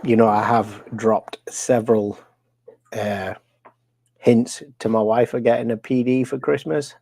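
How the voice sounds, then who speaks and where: A man's voice: medium pitch, steady tone, a little slow, gravelly, dark tone, no echo. A man from England with a Yorkshire accent, chatting as a guest on a live stream and rambling with fillers, restarts and swearing. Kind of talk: casual conversation.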